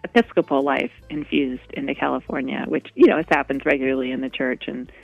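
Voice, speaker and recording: A woman's voice: very deep voice, fairly even intonation, brisk, creaky, dry recording, faint music behind. A woman guest in a radio interview, talking in a rambling way with many restarts. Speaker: guest, walk co-founder. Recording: dull lo-fi radio audio.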